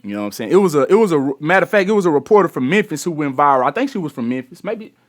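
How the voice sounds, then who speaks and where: A man's voice: on the high side, very animated, rapid-fire. A man from Texas giving casual, slangy commentary on a news clip and talking straight to his viewers. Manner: chatty, slangy, addresses viewers as y'all.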